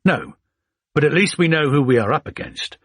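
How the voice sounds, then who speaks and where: A man's voice: fairly high pitch, expressive, normal speed, fairly bright tone, no echo, studio quality, pitched above the performer's own voice. A man voicing a ruthless, impatient male company chairman in an audiobook, curt and hard-driving.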